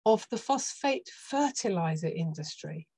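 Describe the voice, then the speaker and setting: A middle-aged British woman, a doctor, explaining health topics as a podcast guest in a steady, informative way with touches of dry sarcasm. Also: fairly low pitch, measured pace, gravelly, slightly rough. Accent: British English. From United Kingdom. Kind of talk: podcast interview.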